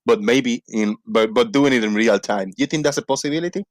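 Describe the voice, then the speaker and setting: A man hosting a casual livestream, rambling playfully and reading out shout-outs to viewers. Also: mid-range voice, a little fast, dry recording, clean studio sound. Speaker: livestream host. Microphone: desk microphone.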